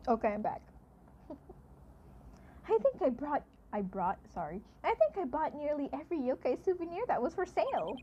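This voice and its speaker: A woman's voice: sits high, big pitch swings, normal speed, mellow, highs cut off, slight background noise. A young woman streaming a game, chatting playfully and giggling between lines she reads aloud. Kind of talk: casual gameplay commentary and reading dialogue aloud. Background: game music.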